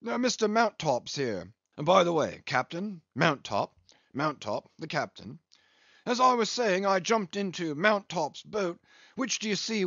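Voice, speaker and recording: A man's voice: sits high, fairly bright tone, dry recording, muffled recording, voice pushed up, full character voice. A man voicing a hearty, good-humoured whaling captain telling a long sea story in an audiobook. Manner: chatty yarn-spinning.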